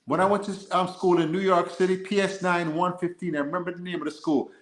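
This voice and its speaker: A man's voice: sits high, flat delivery, quick pace, echoey room, poor audio. A Jamaican-born man with an American accent, telling stories in a casual podcast chat, often laughing and mimicking accents. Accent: American with Jamaican traces. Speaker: guest.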